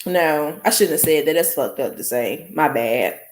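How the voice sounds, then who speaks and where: A woman's voice: sits low, moderate pace, roomy sound, a little hiss or hum. A woman, telling a story to her listeners in a blunt, casual podcast monologue. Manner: animated, blunt, addresses listeners as y'all. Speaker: podcast host.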